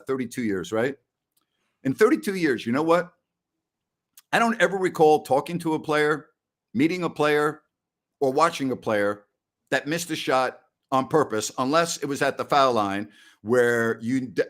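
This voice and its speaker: A man's voice: medium pitch, a bit bright. A middle-aged man hosting a live-stream post-game show, talking in a blunt, ranting and scornful way. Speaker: sports show host.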